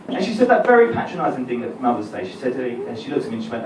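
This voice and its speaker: A man's voice: mid-range voice, wildly swooping pitch, racing, few pauses. A young man with an Essex accent doing a rambling, self-deprecating stand-up set, swearing freely. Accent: Essex English. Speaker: stand-up comedian. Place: comedy club stage. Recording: roomy live club recording, distant, crowd noise. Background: audience laughter and room noise.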